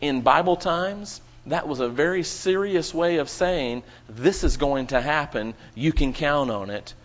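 A man's voice: a little high, muffled recording. A man preaching a sermon to his congregation, with dramatic rising and falling emphasis.

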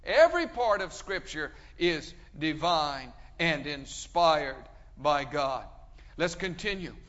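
Guy preaching in a big reverby hall, high voice, gets loud then drops way down. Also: sing-song, slow pace. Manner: emphatic, rising to loud urging and dropping low. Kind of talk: sermon. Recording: dull sound with long hall reverb.

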